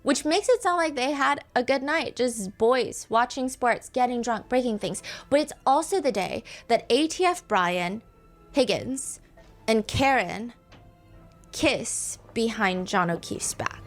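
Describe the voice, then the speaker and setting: A woman's voice: a little high, lively intonation, measured pace, soft background music. A woman hosting a casual commentary, telling the story of a court case in a chatty, conversational way and reading out text messages. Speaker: host explaining a court case.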